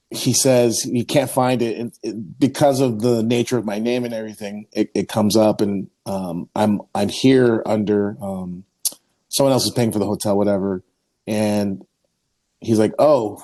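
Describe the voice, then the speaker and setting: In a warm voice on the low side, a male Orthodox priest who hosts a podcast rambles through a story in casual conversation. He uses many fillers and acts out quoted voices.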